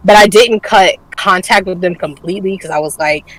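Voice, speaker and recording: A woman's voice: mid-range voice, brisk, dry recording, rough recording. Candid woman telling a story with laughs. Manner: candid storytelling, swears freely, laughs often. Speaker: podcast co-host. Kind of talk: casual chat.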